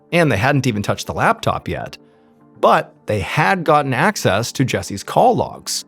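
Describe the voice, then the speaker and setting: A man's voice: medium pitch, creaky, slightly rough. A man telling a true crime story in a casual, conversational way, with frequent "you know" asides.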